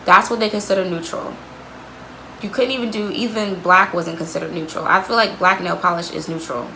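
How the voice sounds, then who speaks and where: A woman's voice: on the low side, fairly even intonation, brisk, pushed and bright, a little hiss or hum, poor audio. A young woman vlogger telling a candid storytime about an old job, blunt and sweary, with lots of "like.". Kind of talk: storytime vlog.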